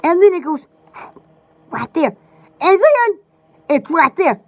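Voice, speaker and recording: A woman in casual, rambling chat, excitable and giggly, often restarting her sentences. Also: very high voice, slow pace. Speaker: store vlogger.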